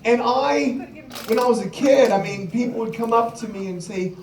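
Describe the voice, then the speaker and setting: Heard from a distance in a large, reverberant hall, a motivational speaker's high, slightly mellow voice moves at normal speed. His live keynote is full of comic stories, with quotes acted out amid laughter.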